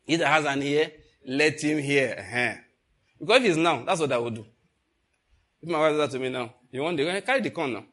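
This older preacher has a fairly high pitch and speaks fairly quickly. He tells an animated story in his sermon, calling out questions to the people in the pews.

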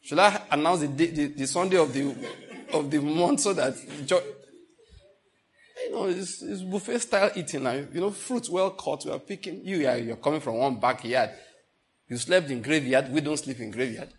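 A man preaching with a Nigerian Enugu accent, telling animated stories with mock outrage and laughter. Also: on the high side, moderate pace. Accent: Nigerian English, Enugu. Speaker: pastor. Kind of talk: sermon.

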